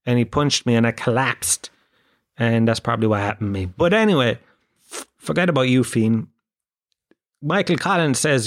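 A man's voice: medium pitch, animated, moderate pace, pauses often. A young adult man, telling a rambling, profane, self-deprecating stand-up story. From Ireland. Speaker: stand-up comedian.

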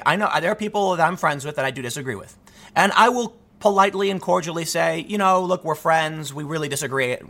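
A man's voice: high voice, bright, forceful tone. A man giving an opinionated political monologue, emphatic and often repeating words as he builds his points. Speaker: political commentator.

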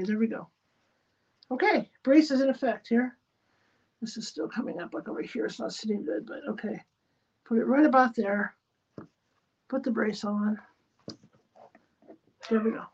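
A woman's voice: a little high, normal speed, long pauses, darkish tone. A woman hosting a live stream from a spare bedroom at home, muttering to herself as she describes each step of her craft project. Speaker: livestream host. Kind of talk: casual running commentary while crafting. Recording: dull lo-fi sound with faint noise.

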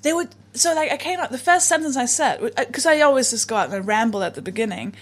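Husky-voiced British woman telling stories. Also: fairly high pitch, animated, quick pace. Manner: rambling storyteller, laughs often. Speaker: comedian guest. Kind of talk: casual podcast chat.

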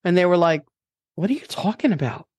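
A woman with a New York accent hosting a casual chat over a headset, telling lively stories and laughing often. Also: fairly low pitch, a little fast, slightly rough, no echo, studio quality. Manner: animated storyteller, laughs often. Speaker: podcast host.

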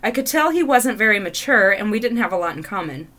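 Woman reading out stories, lively pitch, bright voice, laughs a lot. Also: quick pace. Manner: expressive, laughs often. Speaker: co-host reading listener stories. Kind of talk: reading stories aloud with casual reactions.

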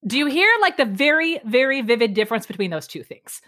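A middle-aged woman guest on a podcast, explaining speaking tips in an energetic, emphatic way, varying her pace and pitch. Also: quick pace. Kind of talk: lively podcast interview.

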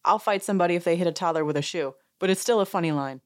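Talking rapid-fire in a lowish voice, a woman hosting a podcast gives a casual recap of a show. She's an amused, talkative storyteller who laughs and imitates what others said.

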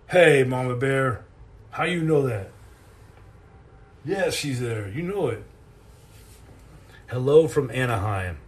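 A man, a former Navy SEAL, hosting a live stream and telling comic stories in an animated, self-mocking way. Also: medium pitch.

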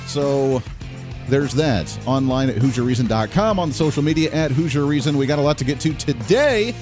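A man's voice: medium pitch, animated, normal speed, a little mellow. A man in his thirties hosting a radio talk show, chatty, upbeat and opinionated, talking straight to his listeners. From Kansas. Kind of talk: energetic radio talk monologue. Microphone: studio microphone. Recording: dry studio sound, faint music.

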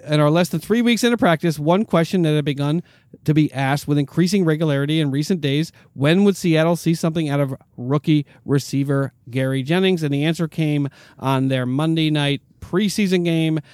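A young adult man hosting a sports chat, reading team news haltingly with many fillers and repeated words. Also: fairly high pitch, a little mellow, no room sound.

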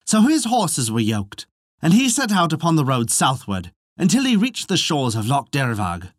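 A podcast storyteller reading an old legend in a measured, expressive voice. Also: medium pitch, no echo, clean studio sound. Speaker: storyteller narrating folklore. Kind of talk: audiobook-style narration.

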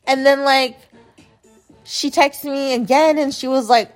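A woman's voice: high voice, fairly even intonation, unhurried, faint music behind. A woman hosting a podcast, telling a story in a casual, profane, indignant rant, with lots of filler words. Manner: heavy use of filler "like". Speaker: podcast host.

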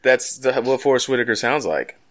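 A man's voice: medium pitch, fairly quick. A man co-hosting a podcast, joking around in casual banter. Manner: joking, lively, self-mocking. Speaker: podcast co-host.

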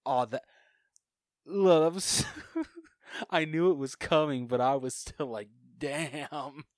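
A man's voice: on the high side, slow, no echo, clean studio sound. A man co-hosting a podcast, chatting casually about a film and eagerly retelling its scenes. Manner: excited retelling of scenes, laughs often. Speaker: podcast co-host.

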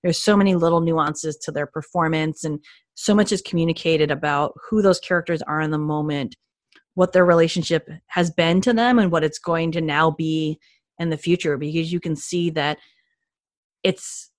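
A woman co-hosting a podcast, chatting enthusiastically with many quick restarts. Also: deep voice, fairly even intonation, no echo, clean studio sound. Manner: enthusiastic, gushing, frequent restarts. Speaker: podcast co-host. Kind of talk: casual podcast chat.

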